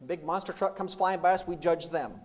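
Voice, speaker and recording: A man's voice: high voice, fairly even intonation, fairly quick. A middle-aged man speaking as a business speaker to a seminar audience, emphatic, with rhetorical questions and repeated punchlines. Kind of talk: live seminar talk.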